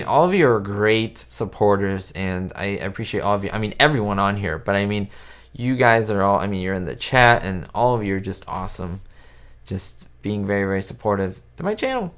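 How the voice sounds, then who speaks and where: A native Spanish speaker with a fairly low, fairly bright, smooth voice hosts a casual YouTube live stream, answering the live chat. He rambles with fillers and restarts while greeting viewers by name over a webcam setup.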